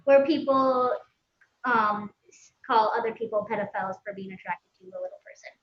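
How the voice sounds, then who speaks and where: A woman's voice: medium pitch, normal speed, echoey room, lo-fi sound. A woman with a Minnesotan accent, a guest on a live show, chatting candidly with lots of giggles and swearing. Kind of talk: casual live-stream chat. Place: by a pool.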